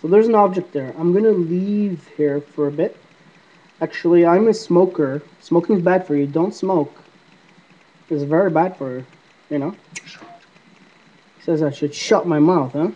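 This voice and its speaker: Rambling vlogger man who talks back to invisible spirits, mellow voice, dull lo-fi iPod sound. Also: a little high, unhurried, long pauses. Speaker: paranormal app vlogger. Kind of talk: casual rambling monologue to camera. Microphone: iPod camera mic.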